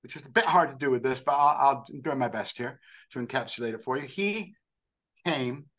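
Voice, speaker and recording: An older man from New York, telling an animated, self-deprecating story as a podcast guest. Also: medium pitch, fairly quick. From New York, USA. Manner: animated, acts out quoted voices, self-deprecating. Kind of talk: storytelling anecdote.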